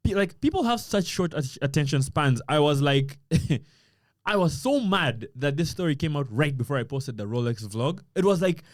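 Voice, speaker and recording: Young man, from Uganda, casual podcast chat, slightly high voice, dry close sound, animated storyteller. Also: moderate pace, dry recording. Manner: animated storytelling, quotes himself often. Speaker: podcast guest. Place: podcast room.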